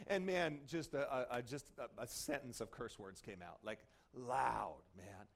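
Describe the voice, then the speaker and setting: A male pastor with a notably high-pitched voice, preaching casually and telling stories with lots of animation. He keeps checking in with the congregation with quick asides like "okay?" and "right?". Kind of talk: conversational sermon with acted-out stories.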